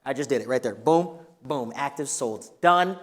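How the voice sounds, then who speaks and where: A man teaching a live real estate workshop in an energetic, coaching way, asking the room questions. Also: medium pitch, normal speed. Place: training room with a live audience. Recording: long reverb of a hall.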